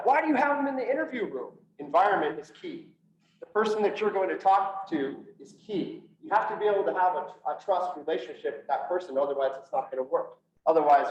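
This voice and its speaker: In a slightly high, darkish voice, a male police officer gives personal testimony on PTSD before an audience. His earnest telling slows for emphasis and voices others' words. The sound is distant, echoey, and muffled lo-fi.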